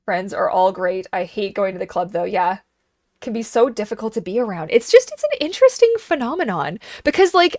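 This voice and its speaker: Woman in her 30s, casual streamer, animated storyteller, dry studio sound. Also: medium pitch, dry recording. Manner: animated storyteller, acts out quoted voices. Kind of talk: casual chat.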